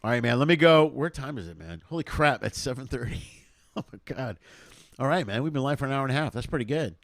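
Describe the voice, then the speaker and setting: A man's voice: medium pitch, expressive, fast, creaky, no room sound. A man from South Side Chicago hosting a live comedy talk stream, chatting casually, joking and laughing often. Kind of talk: casual chat.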